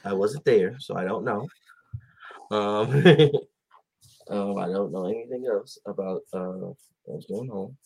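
A male host rants casually about basketball in a low, husky voice, speaking slowly and pausing often. Even so, he's animated, rambling with fillers and putting on voices for quotes.

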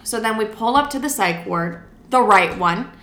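A woman's voice: medium pitch, lively intonation, moderate pace, a bit bright, echoey room. A young adult woman casually telling a personal story, chatty and full of fillers, swearing freely.

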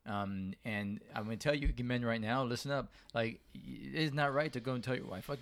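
A man's voice: mid-range voice, fairly quick, few pauses. A man co-hosting a marriage podcast, talking casually with fillers and restarts. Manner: conversational, frequent fillers and restarts. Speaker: podcast co-host. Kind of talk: casual chat.

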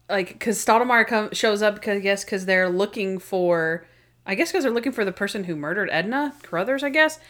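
A woman's voice: mid-range voice, fairly bright tone. Playful woman retelling favorite scenes. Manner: acts out quoted lines in playful voices. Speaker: co-host. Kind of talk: casual fan chat.

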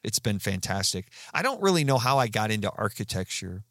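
A man's voice: fairly low pitch, big pitch swings, a little fast, fairly bright tone, dry recording. Chatty man in his fifties, dry sound. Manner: chatty, rambling anecdotes with frequent fillers and restarts. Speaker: guest. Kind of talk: casual storytelling.

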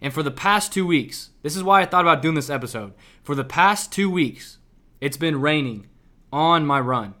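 Young male podcast host from Kansas City, bright and forward tone, pitched a bit high, preachy and emphatic with lots of "right?". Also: expressive, moderate pace. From Kansas City, Missouri. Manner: emphatic and repetitive, with frequent "right?". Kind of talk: motivational solo podcast.

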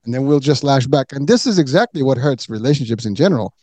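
A man's voice: medium pitch, lively intonation, fast, dark tone, no room sound. Rambling man hosting an interview. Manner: rambling, many restarts and fillers. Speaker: interview host. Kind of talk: conversational interview questions.

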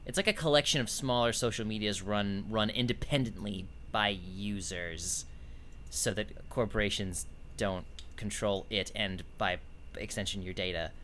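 Male podcast co-host, slightly low, bright voice, rambling sardonic chat, faint noise behind. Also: moderate pace. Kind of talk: casual chat.

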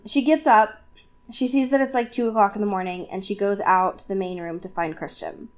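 A woman co-hosting a casual podcast, recapping a novel chapter with lots of fillers and quick asides. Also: medium pitch, steady tone. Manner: chatty, filler-heavy, acts out characters in quick asides. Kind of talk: casual chat.

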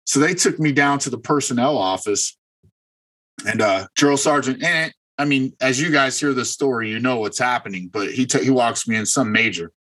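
A man's voice: mid-range voice, moderate pace, fairly bright tone, poor audio. A middle-aged man and Army veteran, a podcast guest telling long rambling anecdotes, full of fillers and restarts. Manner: rambling anecdotes with filler words and self-corrections. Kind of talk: casual storytelling.

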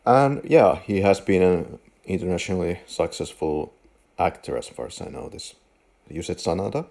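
A man co-hosting a film podcast, chatting in a relaxed, rambling way. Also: low-pitched, moderate pace, vocal fry. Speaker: podcast co-host. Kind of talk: casual film chat.

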